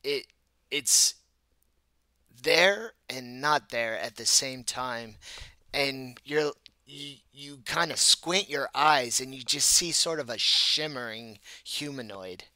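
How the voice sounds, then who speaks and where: Slow, very bright-voiced male game master. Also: mid-range voice, no echo. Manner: halting, many fillers and restarts. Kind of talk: narrating a tabletop game.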